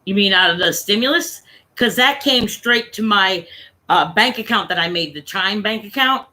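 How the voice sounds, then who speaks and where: A woman's voice: mid-range voice, animated, moderate pace, bright, forceful tone. A woman from Connecticut venting in a casual, rambling, profane chat on her own stream. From Connecticut, USA. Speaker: livestream host.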